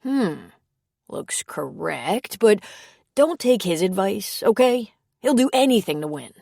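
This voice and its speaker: A woman's voice: medium pitch, sing-song, slow, vocal fry, mellow, no echo, clean studio sound, full character voice. A woman reading the lines of a friendly, teasing young man who stammers a little, in an audiobook. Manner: joking, slightly stammering.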